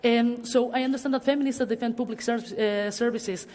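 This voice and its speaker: A woman's voice: fairly high pitch, fairly even intonation, a little fast, darkish tone. A woman speaking on a public panel in a cultural centre hall. She talks hesitantly, with many fillers. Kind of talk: public talk in a panel discussion. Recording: long hall reverb.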